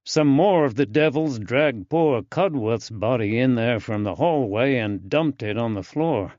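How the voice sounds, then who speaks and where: A male narrator voicing an earnest, eager young man with a soft drawling accent in an audiobook. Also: medium pitch, animated, measured pace, dry recording, dull audio, lightly acted.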